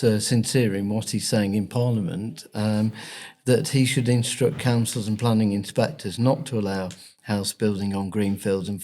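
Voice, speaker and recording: A man with a mellow voice speaks as a local campaigner in a podcast interview. He talks haltingly, with frequent pauses and filler sounds between his points. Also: on the low side. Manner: hesitant, many fillers and pauses.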